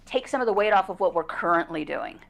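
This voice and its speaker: A woman co-hosting a casual livestream as its producer, chatty and quick to laugh. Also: lowish voice, big pitch swings, gravelly. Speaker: producer and co-host.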